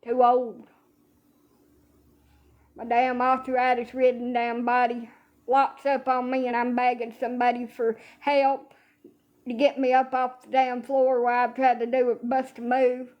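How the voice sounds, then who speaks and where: A woman in her late thirties with a high voice talks straight into the camera, grumbling and cursing her way through a comic rant. Her complaints come out loose, loud and exaggerated, in a casual storytelling flow. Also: monotone, a little slow, dull audio. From Alabama. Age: 30s. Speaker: social media streamer.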